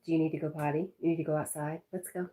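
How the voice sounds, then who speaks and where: Speaking rapid-fire in a low, dark voice with little pitch movement, this woman chats away on a casual home livestream. She talks to her pet and reads viewer comments out loud. A distant mic gives the indoor recording a roomy echo and a faint hiss.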